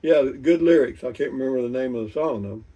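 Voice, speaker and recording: An older man, reading out viewer comments and chatting about them in an unhurried, rambling way with many restarts. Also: mid-range voice, mellow, distant mic. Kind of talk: casual chat.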